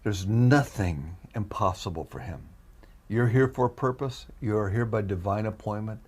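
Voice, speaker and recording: A man giving an emotional testimony as a guest, animated and repeating himself as he acts out his own prayers. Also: lowish voice, moderate pace, slightly rough. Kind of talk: emotional storytelling.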